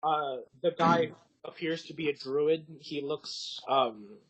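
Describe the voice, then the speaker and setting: A man's voice: a little high, takes it slowly, fairly bright tone, rough recording. A young man narrating as game master, hesitant and full of fillers, swearing casually as he improvises.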